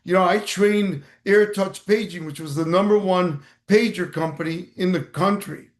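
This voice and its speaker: Emphatic high-voiced man on a video call. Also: normal speed, echoey room. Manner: energetic, emphatic, repeats key points. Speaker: motivational speaker and mentor. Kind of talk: motivational talk on a video call.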